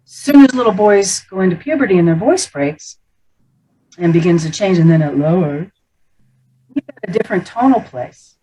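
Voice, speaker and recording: A middle-aged woman voice coach teaching about the speaking voice, animated and playful, often demonstrating how others talk. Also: lowish voice, normal speed, breathy edge, rough recording.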